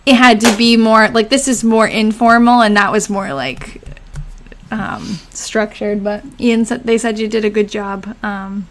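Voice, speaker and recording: A woman's voice: medium pitch, level tone, unhurried, slight background noise. A young woman hosting a casual live stream, chatting with viewers, answering their comments and laughing often. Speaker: live stream host reading old diaries.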